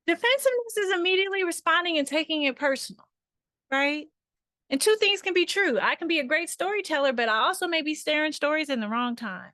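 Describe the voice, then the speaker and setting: A woman's voice: sits high, a bit bright, no room sound, clean studio sound. A woman facilitating an online workshop over a video call, talking conversationally and often checking in with her listeners.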